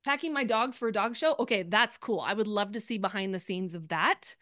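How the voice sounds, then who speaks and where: A woman coaching a group over a video call, upbeat and quick, often acting out sample posts in lively bursts. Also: medium pitch, dry recording, studio quality. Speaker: sales coach.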